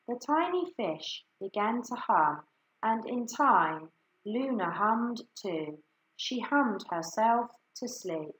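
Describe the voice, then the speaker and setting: Slow expressive woman reading a children's story. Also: a little high. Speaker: story reader. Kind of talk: children's story read-aloud. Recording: echoey room.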